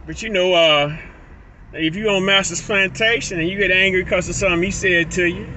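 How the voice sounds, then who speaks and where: A man's voice: sits high, fairly even intonation, a little fast, pushed and bright, a little hiss or hum, rough recording. A man talking to his phone camera while driving, rambling with stuttered restarts and laughing asides. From Illinois. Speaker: vlogger. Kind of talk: casual vlog monologue. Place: in a car, driving.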